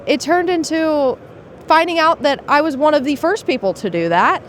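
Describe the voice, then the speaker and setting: A woman's voice: high voice, lively intonation, normal speed, slight background noise. A woman who builds cars and makes videos about them, talking through her project in a chatty, matter-of-fact way during an interview. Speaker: car builder and content creator. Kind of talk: casual interview. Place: busy trade show floor.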